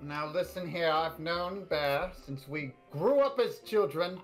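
A man's voice: on the high side, a little slow, faint music behind, natural voice. A man voicing a small, pushy male goblin with a put-on accent. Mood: blustering. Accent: put-on character accent. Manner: pushy, boisterous, drinking.

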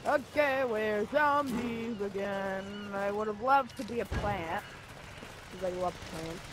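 A woman's voice: medium pitch, takes it slowly, heavy background noise. A woman giving live, chatty gameplay commentary, exclaiming and reacting as she plays. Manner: excitable, chatty, exclaiming at the game. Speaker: gaming video host. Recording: loud game music behind the voice.

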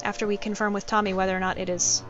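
A woman streamer giving chatty, excitable commentary while playing a game, full of quick asides and exclamations. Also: medium pitch, highs cut off. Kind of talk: casual gameplay commentary. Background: game music.

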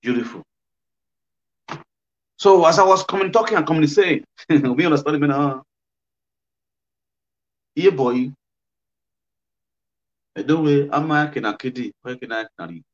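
A man with a Nigerian Pidgin accent giving animated, casual blog commentary, switching languages and laughing often. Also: a little high, a little slow, pauses often. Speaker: blogger. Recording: dull lo-fi audio.

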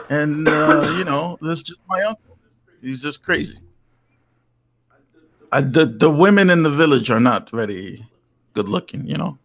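A man from the United States tells rambling stories in a casual chat. He stops and restarts often. His voice sits a little high. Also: animated, a little slow. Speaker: Greek-American guest.

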